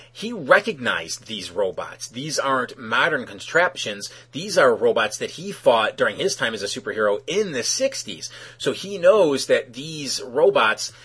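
A man casually recapping a cartoon episode in a conversational, halting way, with fillers and asides. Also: medium pitch, a bit bright, slightly rough.

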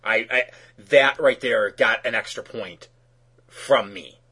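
A man hosting a casual review chat, opinionated and animated, acting out characters' lines as he talks. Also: mid-range voice, slow, breathy edge.

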